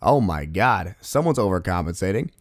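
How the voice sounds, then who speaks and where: Excitable man doing casual game commentary. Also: low voice, normal speed, no room sound, clean studio sound. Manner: excitable, exclaims at game moments. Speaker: gaming video host.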